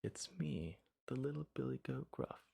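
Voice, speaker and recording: A man voicing a small, timid young billy goat in a storybook tale, pitching his voice up with a husky, creaky edge. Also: sing-song, normal speed, warm tone, full character voice.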